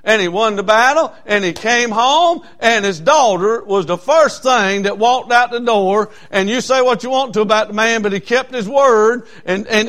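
A man preaching in a church with a notably high-pitched voice. He drives his points home through repetition, stumbling through "uh" fillers as he builds. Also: fairly bright tone. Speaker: pastor. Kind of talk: sermon.

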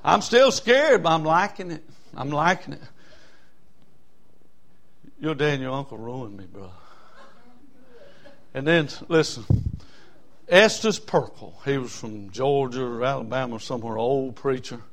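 A man's voice: mid-range voice, unhurried, long pauses. Folksy preacher in his sixties. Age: 60s. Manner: folksy, animated storyteller with bursts of shouting. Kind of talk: sermon storytelling.

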